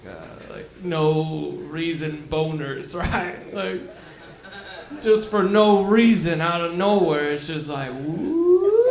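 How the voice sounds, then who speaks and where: A man's voice: a little high, a bit bright. A man with a Canadian accent doing an awkward, hesitant stand-up set with nervous chuckles. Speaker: stand-up comedian. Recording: roomy club echo.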